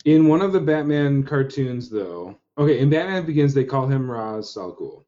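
A man's voice: fairly high pitch, expressive, moderate pace, mellow. A man co-hosting a podcast in casual chat, who rambles and corrects himself as he goes. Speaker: podcast co-host. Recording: slightly muffled podcast mic.

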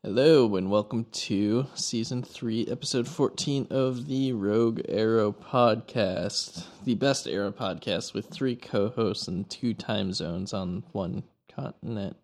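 A man's voice: on the low side, unhurried, hardly any pauses, darkish tone. A man hosting a casual podcast, joking around and summarizing loosely. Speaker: podcast host.

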